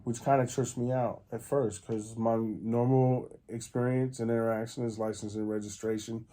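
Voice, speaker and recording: Mellow-voiced man telling a rambling story. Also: medium pitch, flat delivery, moderate pace. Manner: rambling, many fillers and restarts. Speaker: podcast host. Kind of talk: casual storytelling.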